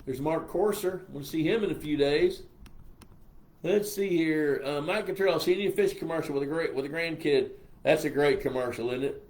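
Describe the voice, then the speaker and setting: A man's voice: a little high, normal speed, a little mellow. An older man with a Texas accent hosts a casual live stream, reading viewer comments and answering their questions in a folksy, rambling way. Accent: Texan.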